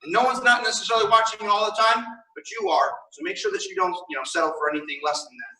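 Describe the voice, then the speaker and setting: A young man teaching a martial arts class online, firmly giving orders and counting warm-up drills aloud. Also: high voice, very animated, quick pace, vocal fry. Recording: echoey room, mic far off.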